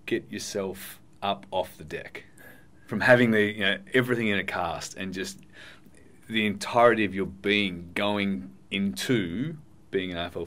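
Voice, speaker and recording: Deep-voiced podcast interviewer. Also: male voice, fairly bright tone. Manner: probing, with stumbled question openings. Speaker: podcast host.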